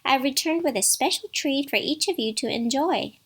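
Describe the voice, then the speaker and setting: A woman voicing a sly male wolf in a storybook who coaxes slowly and sweetly to pass as a mother goat. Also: sits high, pitched above the performer's own voice. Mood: sugary.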